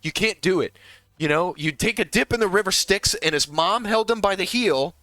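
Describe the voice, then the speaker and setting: A young male game coach breaks down plays in a heated, profane way, with frequent restarts. His voice is bright and forceful, close on the mic in a dry room. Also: high-pitched, normal speed, no echo. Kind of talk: casual gameplay breakdown.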